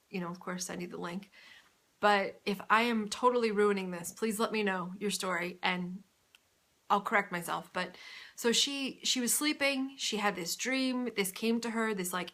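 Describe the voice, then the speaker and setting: A woman's voice: mid-range voice, bright, forceful tone. A woman hosting her own video podcast, chatting in a gushing, rambling way at home with frequent laughter. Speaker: podcast host. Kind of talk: casual video podcast chat. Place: indoors at home under a bright light.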